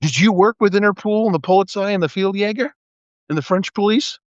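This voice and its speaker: A man's voice: sits high, fairly quick, no echo. A middle-aged man and former police officer hosting a live video, delivering a profane, sarcastic political rant. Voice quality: profane, sarcastic, mocking put-on voices. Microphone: phone or webcam on a live video. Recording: dull dry sound.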